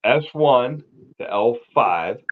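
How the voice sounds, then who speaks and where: A man in casual conversation, speaking bluntly and peppering his talk with curses. His pitch sits in the middle range. The audio is dull and lo-fi, with a faint hiss underneath. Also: animated, slow. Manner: blunt, frequent swearing. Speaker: guest on a car livestream. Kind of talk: casual chat.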